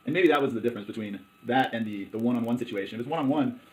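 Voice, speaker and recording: A man, a local commissioner, talking in a conversational interview, halting often with fillers and restarts. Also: medium pitch, low-quality recording. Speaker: hospital district commissioner.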